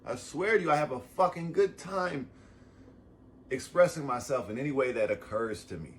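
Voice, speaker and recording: A man rambling through a casual motivational vlog, swearing freely and close to tears. His voice sits at an ordinary middle pitch, jumping to loud bursts and dropping to quiet mutters. A faint hiss of noise hangs under the recording. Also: expressive, normal speed. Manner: profane, rambling, swings between loud bursts and soft asides. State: emotional, near tears. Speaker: vlogger.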